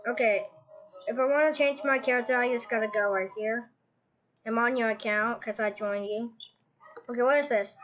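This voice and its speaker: Woman gamer, high and bright, giggly, playful chatter, faint game music underneath. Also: moderate pace, long pauses, muffled recording. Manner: giggly, playful, shrieks when startled. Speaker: gamer recording gameplay with friends. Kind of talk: excited gameplay chat.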